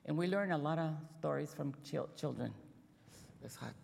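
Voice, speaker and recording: A middle-aged woman, a Sabbath school teacher, telling earnest stories to a congregation with halting restarts. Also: low-pitched, vocal fry, darkish tone, husky. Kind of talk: sermon-style storytelling. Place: church hall. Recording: long reverb in a church hall.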